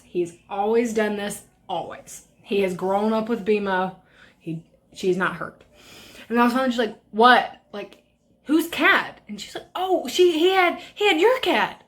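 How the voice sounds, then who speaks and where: Young woman doing her makeup on camera, rambly and sweary, super casual. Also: mid-range voice. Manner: rambling, profane storytelling. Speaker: beauty vlogger. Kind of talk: casual makeup tutorial chat.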